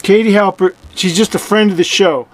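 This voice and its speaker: A man's voice: sits high, steady tone, brisk. A man commenting on a video clip, mocking and incredulous, repeating himself and swearing as he talks. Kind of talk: sarcastic reaction commentary.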